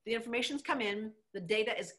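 A middle-aged woman, a former mayor, telling her story with emphatic, animated energy in a conversational interview. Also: on the high side, quick pace.

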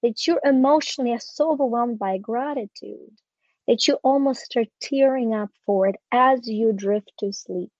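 A woman's voice: fairly high pitch, normal speed, a little mellow, dry recording, lo-fi sound. A woman in her forties, a guest coach on a podcast, teaching a process step by step with eager emphasis. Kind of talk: podcast conversation.

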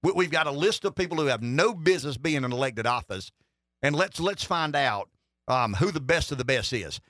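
A man's voice: on the high side, animated, moderate pace, fairly bright tone, no echo, studio quality. A middle-aged man hosting a political talk radio show, rambling and wry, with lots of restarts. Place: radio studio.

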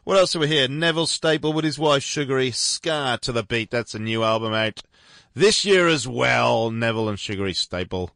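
A man's voice: medium pitch, expressive, moderate pace, gravelly, fairly bright tone, no room sound. A man hosting a radio music show, chatting casually and rambling in an upbeat way from a radio studio. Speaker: radio host.

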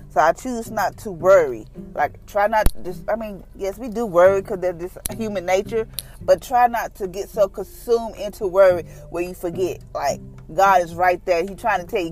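A middle-aged woman speaks in a relaxed, chatty devotional talk and drifts into personal testimony. She sounds earnest and animated and keeps a loose, conversational rhythm full of fillers. Soft music plays faintly underneath. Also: on the low side, fairly quick. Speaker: devotional podcast host.

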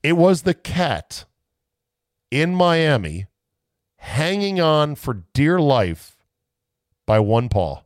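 A man's voice: on the high side, sing-song, very slow, pauses often, no room sound, studio quality. A male sports talk show host in a casual monologue, rambling and making self-mocking asides.

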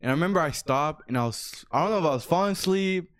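A man in his twenties telling a story in casual chat, animated, swearing a lot and saying "bro" often. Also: on the high side, fast talker. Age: 20s.

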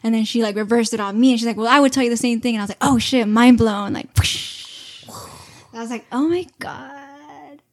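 Young female podcast host, loose swearing chatter, higher voice. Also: racing, few pauses. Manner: animated, swearing, lots of fillers. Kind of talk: casual chat.

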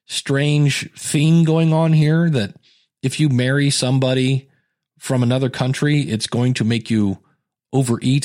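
A man chatting casually about a TV show, with animated asides and quick mock voices. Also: on the high side. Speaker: show reviewer. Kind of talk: casual chat.

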